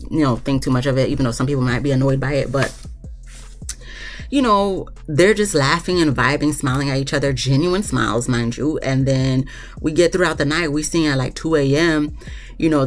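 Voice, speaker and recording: A reviewer recapping a reality show in casual chat, ranting bluntly with plenty of swearing and acting out what others said. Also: mid-range voice. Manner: blunt, profane, animated ranting; often acts out quotes of others.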